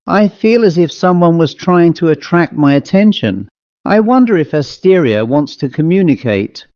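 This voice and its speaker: A brisk, self-assured male medium from a ghost storybook, as a male reader plays him. He speaks crisply and chattily, pitched a little above the reader's own voice. The recording is dry and somewhat muffled. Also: big pitch swings, a little mellow, no echo.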